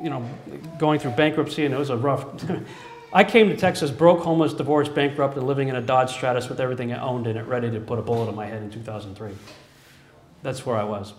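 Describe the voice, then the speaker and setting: A man's voice: medium pitch, steady tone, quick pace, a little hiss or hum. A man giving an earnest personal testimony as a sermon, telling his story with frequent chuckles. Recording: echoey room.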